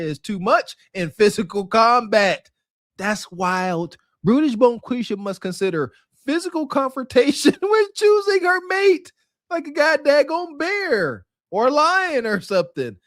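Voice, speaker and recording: A man co-hosting a podcast, commenting on a video clip in a mocking, animated way and laughing through his remarks. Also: very high voice, no echo, clean studio sound. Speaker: podcast co-host.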